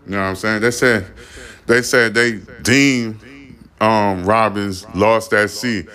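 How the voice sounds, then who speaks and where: Deep-voiced man ranting bluntly. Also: pushed and bright. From Caribbean, family from Haiti. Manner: blunt, profane and emphatic. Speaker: podcast host. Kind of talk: podcast commentary rant.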